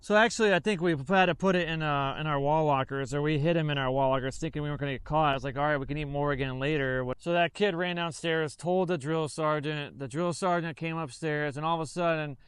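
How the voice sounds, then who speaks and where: A man's voice: fairly high pitch, steady tone, quick pace, hardly any pauses, fairly bright tone, clean tone, no echo. A man, an army veteran, casually telling a rambling story full of fillers and self-corrections.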